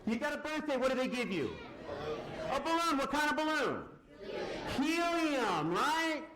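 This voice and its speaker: A very high-pitched male lecturer talks a little slowly over crowd noise as he runs a live physics demo. The large hall echoes while he animatedly poses questions to the audience and answers them himself.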